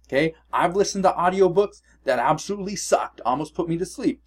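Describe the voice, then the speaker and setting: Male vlogger, somewhat high voice, emphatic and coaching, casual direct address. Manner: emphatic, keeps checking in with "okay?" and "all right?"; blunt and coaching. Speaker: online business vlogger. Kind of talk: casual direct-to-camera advice.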